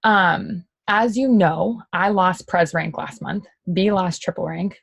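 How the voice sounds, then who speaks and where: Husky-voiced woman giving an emotional pep talk. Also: lowish voice, slow pace, no echo, rough recording. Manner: emotional and excitable, full of "like"; casual, chatty, mild swearing. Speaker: sales team leader. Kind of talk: motivational pep talk to a team.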